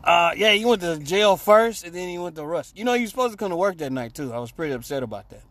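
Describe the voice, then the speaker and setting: High-voiced man telling profane stories. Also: lively intonation, quick pace, a bit bright. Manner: profane, rambling anecdotes with acted-out quotes. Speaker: radio show host. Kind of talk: casual storytelling chat.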